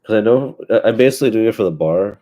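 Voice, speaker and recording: A man's voice: lowish voice, lively intonation, quick pace, dark tone, a little hiss or hum. A young man hosting his own podcast, sounding stuffy from allergies, rambling in casual chat with lots of swearing and fillers. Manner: rambling and profane, with many fillers and restarts. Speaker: podcast host.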